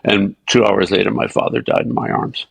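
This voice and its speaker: Gravelly older man telling stories. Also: on the low side, fairly quick, dry recording, rough recording. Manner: animated raconteur, swearing. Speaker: guest actor. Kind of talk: anecdotal storytelling.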